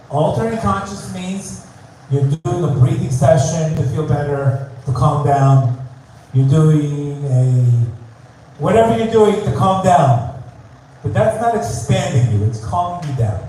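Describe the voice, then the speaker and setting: A man's voice: fairly high pitch, darkish tone, slight background noise. A man giving a live spiritual talk, emphatic and repetitive, often asking the audience questions. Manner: emphatic, repeats key phrases, asks the audience questions. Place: live venue in Tel Aviv. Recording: distant, very echoey live room.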